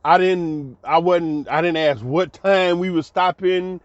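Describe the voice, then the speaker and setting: A man's voice: high voice, fairly even intonation, measured pace, no echo. A middle-aged man telling his own life story in a colloquial, exclamatory way, laughing often. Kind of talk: animated personal storytelling. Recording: dull lo-fi dry recording.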